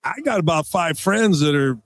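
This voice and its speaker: A man in his sixties, a radio guest and former player, telling rambling, excitable sports stories and stumbling over repeated words. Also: on the high side, normal speed. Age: 60s. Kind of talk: animated sports radio storytelling. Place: radio row booth at a big game.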